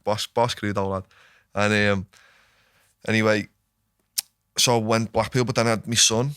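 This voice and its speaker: Scouse male guest, 20s, low voice, dry close mic, swears a lot while telling long stories. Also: steady tone, moderate pace, fairly bright tone, clear, resonant tone, no echo. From Liverpool, England. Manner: sweary, tells stories with lots of filler asides. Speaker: podcast guest, footballer. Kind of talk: casual storytelling chat. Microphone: studio podcast mic.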